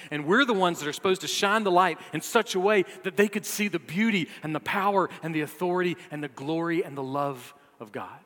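Pastor preaching in a reverberant hall. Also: male voice. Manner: builds to emphatic peaks, then drops low and soft; playful asides to the congregation. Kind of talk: sermon.

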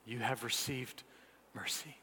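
A man preaching a sermon, emphatic and repetitive, swinging between loud declarations and hushed, deliberate words. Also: medium pitch, fairly even intonation, a little hiss or hum. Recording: long hall reverb.

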